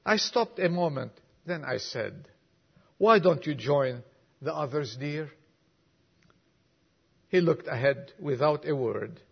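A man preaching in a slow, unhurried sermon with a gravelly, husky edge to his fairly high voice. He drops to near whispers on quiet lines and climbs to urgent appeals. The recording is dull and lo-fi. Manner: reads poem softly, sinking to a whisper, then preaches with rising fervor.

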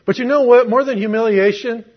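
A man's voice: very high voice, brisk, husky. A middle-aged man preaching a sermon, telling a personal story in a conversational way with rhetorical questions. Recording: muffled lo-fi recording.

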